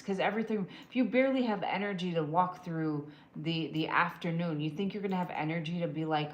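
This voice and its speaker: Lower-voiced woman host in an echoey room. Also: slight background noise. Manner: direct, calls viewers "girl" and "my love"; answers viewer comments live. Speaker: livestream host doing emotional scans. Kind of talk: casual live-stream advice chat.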